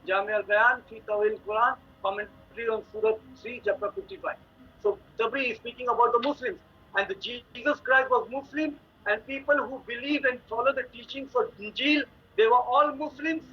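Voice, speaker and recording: High-pitched guy reading out citations in a debate, lo-fi and a bit noisy. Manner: steady, repeats citations. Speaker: Muslim debater. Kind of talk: religious debate, quoting commentaries. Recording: dull lo-fi audio with faint noise.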